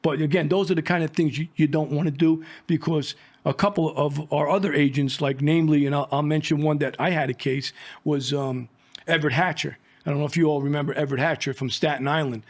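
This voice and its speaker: A man's voice: fairly high pitch, fairly even intonation, brisk. A middle-aged man, telling rambling, profane stories from his years as an undercover agent and acting out the dialogue. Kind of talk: casual storytelling.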